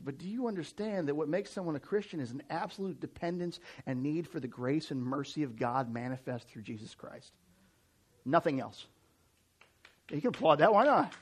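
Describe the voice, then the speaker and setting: A man in his forties from the United States, preaching a sermon to a church audience in a conversational, animated way, often restarting his sentences. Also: fairly high pitch, slightly rough. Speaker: pastor.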